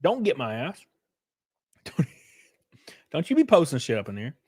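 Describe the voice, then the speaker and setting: A man's voice: medium pitch, wildly swooping pitch, measured pace, darkish tone, breathy edge, dry recording, clean studio sound. A young man chatting casually on a live stream, reading chat aloud with loose, jokey slang.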